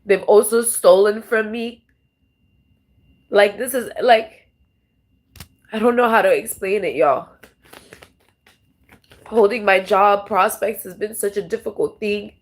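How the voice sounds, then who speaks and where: A woman's voice: mid-range voice, takes it slowly, long pauses. A woman tarot vlogger talking to camera in a raw, rambling, emotional monologue, swearing often and restarting her sentences.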